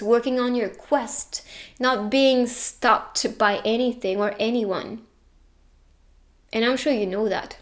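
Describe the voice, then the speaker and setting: A young woman giving a casual tarot reading, earnest and reassuring, getting tearful at times. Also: a little high. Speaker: tarot reader.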